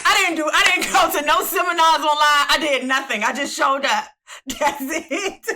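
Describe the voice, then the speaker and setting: A woman co-hosting a podcast in casual chat, expressive and dramatic, laughing as she tells stories. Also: high-pitched, moderate pace. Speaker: podcast co-host.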